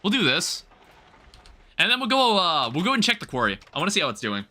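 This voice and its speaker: Brief: male streamer, high, bouncy voice, rambling casual chatter while gaming. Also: huge pitch swings, fast, bright, forceful tone. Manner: rambling, self-correcting, chatting with viewers; casual, swears lightly. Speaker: livestreamer. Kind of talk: casual gameplay commentary.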